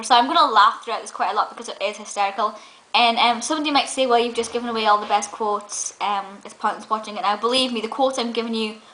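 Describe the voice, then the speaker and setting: A woman's voice: on the high side, sharp tone, rough recording. A woman giving a casual review vlog, giggly and gushing, with lots of ums. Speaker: film reviewer and vlogger.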